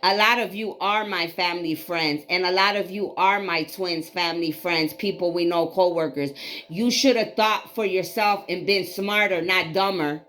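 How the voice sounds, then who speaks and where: A woman's voice: on the low side, steady tone, moderate pace, a bit bright. A woman in her late forties giving an emphatic, repetitive spiritual tarot reading, preachy and casually profane. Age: 40s. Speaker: psychic reader.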